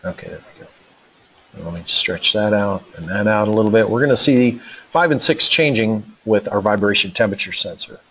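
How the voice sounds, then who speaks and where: Out of breath, this webinar presenter talks through a live technical demo in a relaxed way, thinking aloud amid many fillers and restarts. His lowish voice is fairly quick, a bit bright and breathy-edged, and the recording quality is low.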